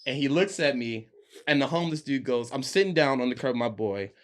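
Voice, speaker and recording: A young man, a podcast guest, telling a story in casual chat, animated and laughing, acting out his friends' lines. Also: medium pitch, fairly quick.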